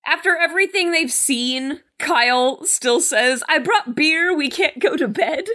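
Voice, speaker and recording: A woman co-hosting a podcast in casual chat, animated and incredulous as she reads from her notes. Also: high-pitched, a little slow. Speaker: podcast co-host.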